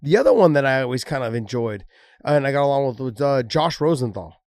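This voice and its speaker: Brief: male ex-fighter co-host, casual chat, lively quoted asides, dry close mic. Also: mid-range voice, fast talker, no echo. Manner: storytelling, acting out quoted lines with laughs. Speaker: former fighter, podcast co-host.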